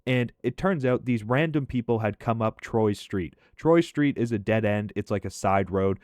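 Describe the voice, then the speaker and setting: A man telling a profane, animated story in a casual commentary over gameplay. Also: lowish voice, moderate pace, dry recording, studio quality.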